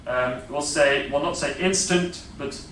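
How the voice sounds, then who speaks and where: A man's voice: a little high, a little slow, fairly bright tone. Man, Dutch accent, classroom lecture, hesitant fillers, faint room hum, heard from afar. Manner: explanatory, hesitant with many fillers, checks in with "yeah?". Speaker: phonetics lecturer. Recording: echoey lecture room from a distance.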